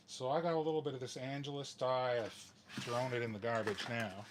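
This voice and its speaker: A man in the middle range of pitch talking into a camera mic at his indoor workbench during a live vlog. He sounds weary and defeated, sighs often, and circles back to the same complaints again and again. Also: a little hiss or hum. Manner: weary, sighing, repeats himself in frustration. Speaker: guitar modding channel host.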